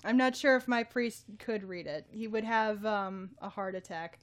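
A woman co-hosting a casual chat, playful and teasing. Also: mid-range voice. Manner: playful, teasing, quick to laugh. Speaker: podcast co-host.

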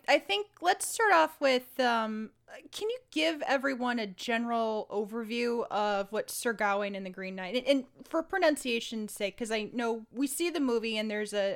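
Young adult woman, podcast co-host, conversational and upbeat, drives the chat with prompts. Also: on the high side. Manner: chatty, prompting, quick to laugh.

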